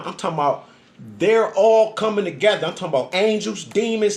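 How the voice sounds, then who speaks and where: Profane, animated storytelling man. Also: brisk. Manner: profane, emphatic, animated storytelling with frequent 'right?'; acts out voices in quotes, pitch jumping up. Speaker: social media livestreamer. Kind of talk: rambling personal monologue.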